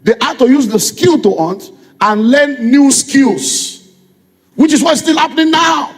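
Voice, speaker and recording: Preaching at a measured pace in a very high voice, the middle-aged pastor with a Nigerian accent keeps hurling rhetorical questions at the congregation. The church hall around him rings with long reverb.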